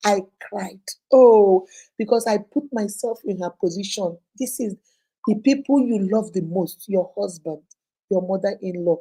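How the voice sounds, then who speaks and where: A Nigerian woman with a husky, mellow voice hosts an advice show for her viewers. She retells a caller's story in an expressive, heartfelt way, slipping into pidgin phrases. Her voice has a gravelly edge. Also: mid-range voice, a little slow, low-quality recording.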